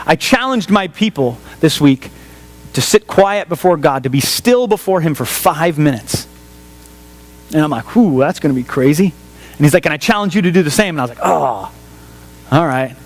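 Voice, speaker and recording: A man, a pastor, preaching a sermon in an animated storytelling way, repeating phrases for emphasis. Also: on the high side, poor audio. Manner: animated storyteller, acts out voices of family and friends.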